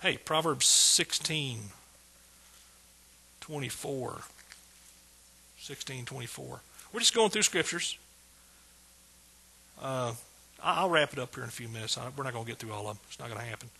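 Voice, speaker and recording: A man's voice: medium pitch, animated, moderate pace, vocal fry, long pauses, sharp tone, slightly rough. A middle-aged man preaching a sermon with exuberant energy, repeating phrases and calling out praise. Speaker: pastor.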